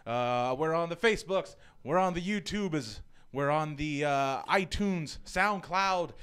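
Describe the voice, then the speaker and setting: A man co-hosting a laid-back wrestling fan show, hyping things up like a ring announcer. His voice sits a little high and sounds clean and smooth. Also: a little slow, fairly bright tone. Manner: playful, hype-man announcing. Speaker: podcast co-host. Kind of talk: casual wrestling fan chat.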